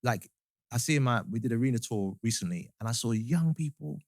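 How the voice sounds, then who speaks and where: A man's voice: medium pitch, brisk, no room sound, studio quality. A man in his forties with a Southampton accent, a guest singer chatting casually on a podcast. He tells stories with animation, acts out what others said, and often repeats words as he gets going. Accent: Southampton English. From England. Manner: animated storyteller, acts out quotes, repeats words when starting.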